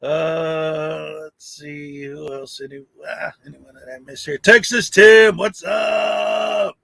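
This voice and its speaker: A man's voice: fairly high pitch, vocal fry, bright, forceful tone, no room sound. A man hosting a morning livestream, cheerfully greeting chat viewers by name in casual talk. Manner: upbeat, greets viewers by name, laughs often. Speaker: livestream host. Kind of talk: casual live chat shout-outs.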